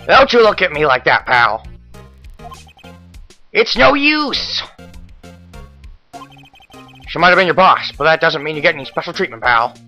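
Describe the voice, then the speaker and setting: A man voicing a gruff tough-guy police detective who talks like an old-time gangster, ending lines with "pal" and "see?". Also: on the high side, sing-song, a little slow, long pauses, pushed and bright, faint music behind, full character voice. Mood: bossy.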